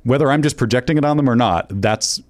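A man chatting casually on a comedy podcast, wry and quick to laugh. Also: medium pitch, no room sound. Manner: wry, laughs often, swears.

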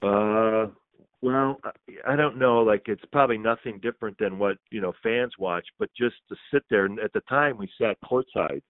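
A man hosting sports radio, reflecting in a halting, thoughtful way. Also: on the low side, dry recording, narrow, tinny audio.

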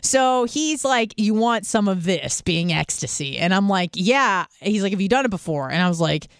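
A young woman tells a story on a podcast, bouncing between voices for the people in it and swearing freely. Her pitch sits in the middle range. The sound is dry and close. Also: animated, normal speed, smooth, dry recording. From California. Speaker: podcast guest. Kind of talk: casual storytelling.

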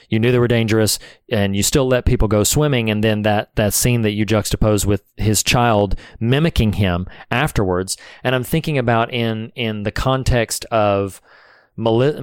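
A man's voice: on the low side, smooth, dry recording. A man co-hosting a podcast, talking earnestly and thoughtfully about a film, with frequent restarts. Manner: earnest, reflective, many restarts. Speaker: podcast co-host. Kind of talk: casual film discussion.

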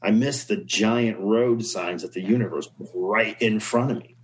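A man's voice: fairly low pitch, normal speed, low-quality recording. A man speaking as a podcast guest in casual conversation, reflective and earnest, often telling stories.

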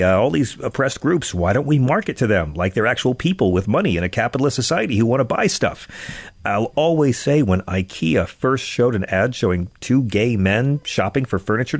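A man hosting a political talk radio show, sarcastic and joking, a little out of breath, stammering into quick restarts. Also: mid-range voice, dry recording.

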